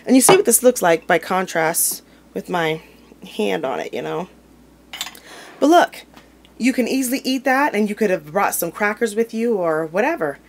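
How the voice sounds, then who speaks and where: A woman's voice: medium pitch, lively intonation, moderate pace. A woman with a mid-range voice chats her way through a kitchen demonstration, talking informally as she handles jars and food. Dishes and cutlery clink now and then, and a faint hiss sits under the recording. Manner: chatty and informal, talks while handling food. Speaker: home cooking video host. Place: home kitchen.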